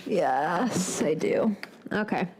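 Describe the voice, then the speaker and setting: A woman's voice: lowish voice, expressive, very slow, heavy background noise. A woman hosting a casual cooking vlog, rambling and thinking aloud as she chats. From United States. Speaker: cooking show host.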